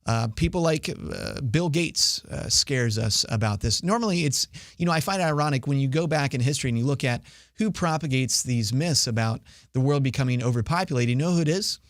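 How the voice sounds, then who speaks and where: A man's voice: mid-range voice, lively intonation, fairly quick, no room sound, studio quality. Opinionated man hosting a commentary podcast. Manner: opinionated, argumentative, with many "uh" fillers. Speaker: podcast host. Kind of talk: solo commentary on the news.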